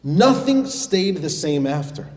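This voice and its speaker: Brief: lively rabbi preaching, fairly high voice, mellow tone, echoey hall. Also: male voice, slow. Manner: animated, addresses audience as dear friends. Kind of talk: sermon with a joke.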